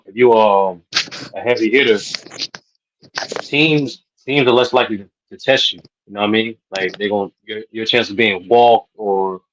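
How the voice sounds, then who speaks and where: A man's voice: fairly low pitch, a bit bright, muffled recording, a little hiss or hum. A man hosting a sports podcast, asking questions in a rambling, casual way full of fillers. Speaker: podcast host.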